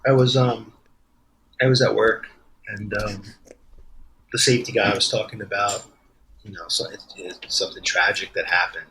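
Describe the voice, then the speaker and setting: A man's voice: fairly low pitch, steady tone, moderate pace, pauses often, bright, forceful tone, a little hiss or hum, low-quality recording. A man with a New Jersey accent, a guest author telling a rambling story in casual podcast chat, laughing easily.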